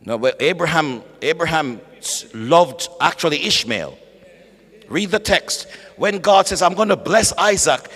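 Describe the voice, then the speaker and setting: A man preaching at a bible study, animated, calling out to the congregation and acting out voices. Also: high-pitched, measured pace. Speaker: pastor. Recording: echoey hall.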